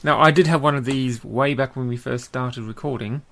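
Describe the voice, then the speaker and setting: A man's voice: medium pitch, normal speed, gravelly, a bit bright. A man with an Australian accent co-hosting a casual podcast, chatty, with lots of ums and frequent laughs. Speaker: podcast co-host. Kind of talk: casual chat.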